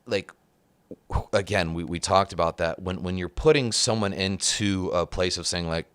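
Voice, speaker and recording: Deep smooth-voiced man chatting casually. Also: moderate pace, no echo. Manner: rambling, many fillers and restarts. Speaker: podcast host and trainer. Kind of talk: casual conversation.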